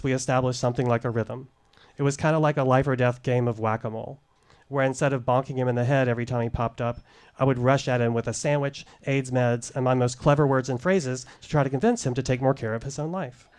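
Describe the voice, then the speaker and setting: At a live showcase, a middle-aged former case manager tells a candid personal story into a stage microphone. He is deliberate and wry, with a clean, medium-pitched voice.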